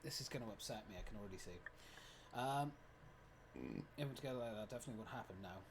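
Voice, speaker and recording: A streamer in their twenties, giving lively gameplay commentary, reading game text aloud and swearing often. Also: mid-range voice, racing, background noise. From United Kingdom. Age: 20s.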